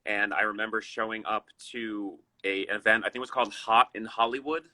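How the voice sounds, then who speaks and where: A man's voice: lowish voice, flat delivery, fairly quick, bright, forceful tone, no echo, low-quality recording. A man being interviewed over a video call, telling anecdotes in an easygoing way. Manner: easygoing, apologetic, tells anecdotes. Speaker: actor, guest. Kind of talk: interview storytelling.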